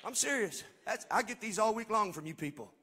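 A man preaching a sermon as pastor, swinging between shouted, sing-song passages and hushed, conversational asides. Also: high-pitched, lively intonation, brisk, husky.

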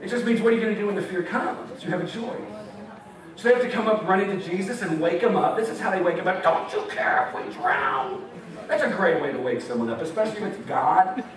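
A man's voice: high-pitched, animated, fast talker, a crowd in the background. Playful American man preaching in echoey hall. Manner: playful, joking, laughing often, acting out voices. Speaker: campus ministry speaker. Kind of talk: sermon. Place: meeting hall with audience. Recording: echoey hall, mic far off, audience.

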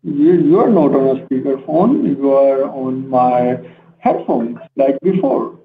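A man's voice: mid-range voice, lively intonation, slow pace. Aarzelende man over een krakerige telefoonlijn. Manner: hesitant, many fillers. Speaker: phone scammer posing as support. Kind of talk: phone call. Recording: tinny phone line with faint noise.

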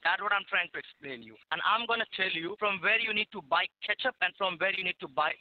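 A man's voice: high voice, animated, quick pace. A man on a phone call, pleading and repeatedly saying "madam". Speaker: scam caller. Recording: tinny phone line.

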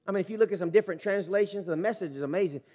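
A man preaching a sermon as pastor, reading scripture and commenting with animated emphasis. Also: sits high, very fast, in a large hall. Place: church sanctuary.

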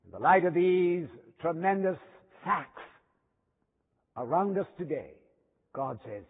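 A man preaching a sermon in a chapel, emphatic, with dramatic pauses and sudden drops to a hush. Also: a little high, expressive, slightly rough. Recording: thin phone-like sound with long hall reverb.

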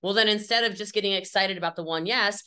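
This is a woman entrepreneur giving a lively, candid interview about sales. Her voice is bright and a bit sharp. She talks with emphatic energy, sprinkling in fillers and quick acted-out scenes. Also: medium pitch, clear, resonant tone. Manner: energetic, chatty, emphatic, acts out little scenes with fillers like "like" and "okay".

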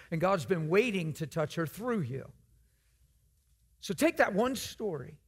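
A man with a high voice preaches at normal speed in a church. As a guest preacher, he delivers a storytelling sermon, earnest and conversational.

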